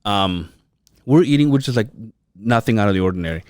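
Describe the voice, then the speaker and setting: A man's voice: lowish voice, animated, brisk, darkish tone, clear, resonant tone, no echo, clean studio sound. A man co-hosting a podcast in casual chat, telling a story with lots of swearing and laughter. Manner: storytelling, profane, laughs often. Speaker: podcast co-host.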